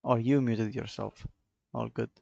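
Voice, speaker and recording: A man's voice: medium pitch, little pitch movement, a little slow, gravelly, darkish tone, no room sound, lo-fi sound. A man with an Italian accent, casually talking through trading charts live and chatting with viewers in a loose, offhand way. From Italy. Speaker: trading streamer.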